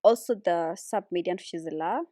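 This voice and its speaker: A woman casually explaining how she builds vocal harmonies, relaxed and chatty with lots of fillers. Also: on the low side, moderate pace, no room sound, studio quality. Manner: relaxed, with many fillers like "like" and "so, yeah". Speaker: a cappella vocalist teaching harmony. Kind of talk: casual music tutorial.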